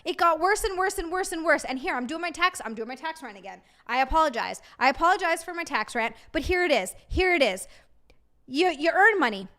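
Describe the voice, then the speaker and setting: A woman's voice: high voice, a bit bright. A young woman live streaming, chatting casually with viewers, reading comments and ranting with exasperation. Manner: ranting, reads chat aloud and greets viewers.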